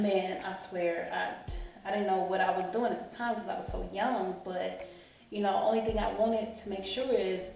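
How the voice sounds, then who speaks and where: In an echoey room with a distant mic and faint background music, a woman rambles through an emotional personal storytime vlog, often dropping "you know what I'm saying." Her mid-range voice is creaky and a little mellow.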